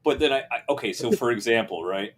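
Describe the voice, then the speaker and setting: A man's voice: mid-range voice, fast talker, slightly rough. A man hosting a casual podcast chat, swearing freely and breaking into laughter. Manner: profane, laughing, animated. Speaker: host.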